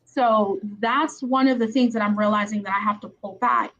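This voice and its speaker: A woman's voice: a little high, steady tone, normal speed, fairly bright tone. A woman attorney hosting a podcast interview, talking in a chatty, conversational way. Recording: slightly dull sound with faint background noise.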